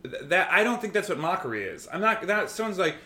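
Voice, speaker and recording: A man's voice: sits high, big pitch swings, a little fast, echoey room, a crowd in the background. A man co-hosting a podcast, arguing heatedly and mocking online trolls with put-on voices. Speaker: podcast co-host. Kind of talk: heated casual debate.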